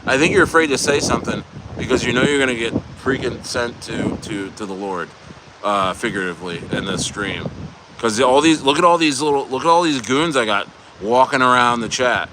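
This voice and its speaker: A man's voice: mid-range voice, expressive, a little fast, noisy background. A man hosting a casual crypto livestream, bantering and joking loosely with viewers in the chat. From United States.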